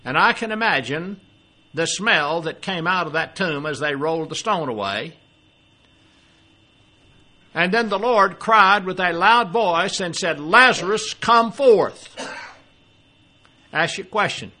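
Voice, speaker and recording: A man's voice: high-pitched, lively intonation, unhurried, pauses often, bright, forceful tone. An older man preaching a sermon, reading scripture aloud and explaining it, often asking the listeners questions. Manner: expository, quotes scripture then explains it, asks the audience questions.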